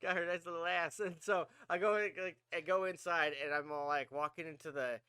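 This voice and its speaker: Animated bright-voiced man telling a story. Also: fairly high pitch, fairly quick, clear, resonant tone, no room sound. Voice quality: animated, swears a lot, acts out his own yelps. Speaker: podcast host. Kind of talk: casual storytelling chat.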